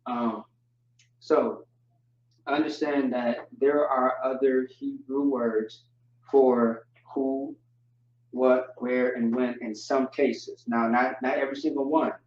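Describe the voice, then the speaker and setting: A man gives a slow, deliberate livestream lesson, stopping often on fillers as he explains. He sits well back from the microphone, so his voice comes through roomy and distant. The audio has a dull, lo-fi quality. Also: mid-range voice, little pitch movement, a little mellow. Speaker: teacher. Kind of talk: livestream teaching.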